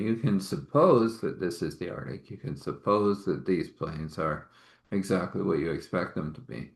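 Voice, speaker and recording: Man, low voice, loose and rambling, live spiritual talk and storytelling. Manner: rambling and chatty, with laughs and apologies for yawning. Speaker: spiritual healer and host.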